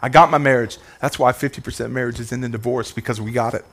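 A man's voice: mid-range voice, fairly even intonation, fast, fairly bright tone. A male pastor preaching a sermon with fervent energy, a sing-song cadence and repeated phrases, calling out to the congregation. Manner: calls out to the congregation.

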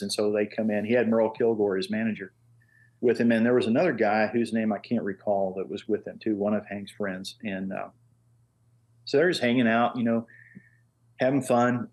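Husky older man telling stories. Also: on the low side. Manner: animated storyteller who acts out quoted voices. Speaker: guest, master engraver. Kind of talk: casual storytelling.

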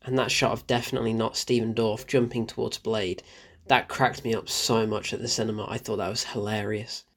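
A man giving a casual film review, excitable, laughing often and repeating himself for emphasis. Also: lowish voice, a little fast.

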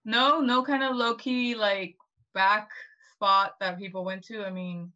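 Bright-voiced woman co-host, rambling. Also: medium pitch, fairly even intonation, measured pace, dull audio. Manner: rambling, full of "like" and restarts. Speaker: podcast co-host. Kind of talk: casual history discussion.

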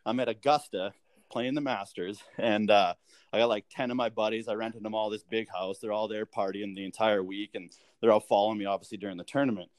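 A man's voice: fairly low pitch, steady tone, brisk, no room sound. A man talking as a podcast guest, telling easygoing anecdotes full of fillers like "uh" and "like". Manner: laid-back, filler-heavy anecdote telling. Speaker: guest, professional golfer. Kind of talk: casual chat.

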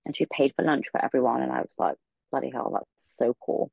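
Fast-talking low-voiced young woman. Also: fairly even intonation, creaky, breathy edge, dry recording, phone-quality sound. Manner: rambling, many filler words. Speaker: podcast guest. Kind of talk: casual storytelling. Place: her room.

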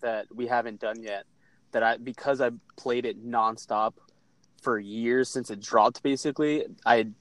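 A man's voice: mid-range voice, steady tone, unhurried, a bit bright, no room sound, low-quality recording. A man in a casual podcast chat, talking loosely with many fillers. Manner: loose, filler-heavy, lots of like. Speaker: podcast co-host.

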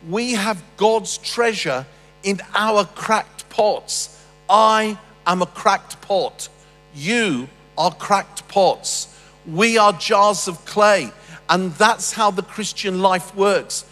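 A man's voice: high-pitched, drawn-out words. A man preaching a sermon, reading scripture and breaking off into humorous asides. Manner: humorous, animated storytelling with asides. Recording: long reverb with faint music.

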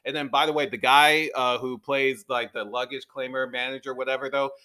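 A man co-hosting a casual movie review podcast who retells scenes with lively acted-out quotes. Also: mid-range voice, brisk. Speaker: podcast co-host.

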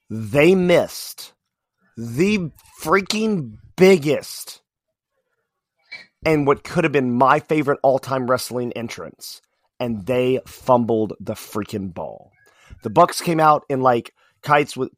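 A man co-hosting a podcast, talking in a casual, animated way with many fillers and restarts. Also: mid-range voice, no room sound. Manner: animated, rambling wrestling fan talk with fillers. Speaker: podcast co-host. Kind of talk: casual chat.

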